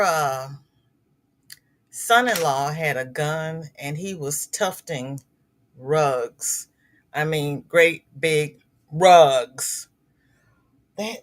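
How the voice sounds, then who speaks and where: A woman's voice: deep voice, a bit bright, a little hiss or hum. A middle-aged woman hosting a crochet livestream, chatting casually with viewers and reading their comments, sympathetic and prone to repeating words.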